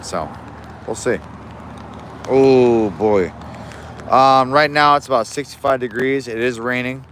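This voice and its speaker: A man's voice: medium pitch, slow, long pauses, fairly bright tone, slight background noise. A young man in Alaska chatting casually on a fishing livestream, rambling and easygoing with many restarts, recorded outdoors in the rain on a phone.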